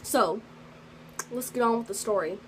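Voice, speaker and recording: A woman's voice: fairly high pitch, moderate pace, background noise. A teenage girl telling a story in a casual vlog, rambling with lots of fillers and restarts. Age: teens. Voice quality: sensitive, earnest storytelling. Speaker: vlogger.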